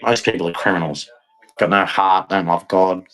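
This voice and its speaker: Bitter ranting man, lowish voice. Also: fairly even intonation, normal speed, fairly bright tone, low-quality recording. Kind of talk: angry monologue to camera.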